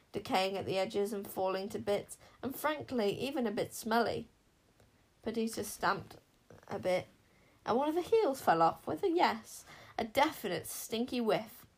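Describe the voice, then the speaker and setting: A woman narrating a fantasy audiobook in an expressive storytelling manner. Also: medium pitch, a little slow, rough recording. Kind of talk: scripted narration.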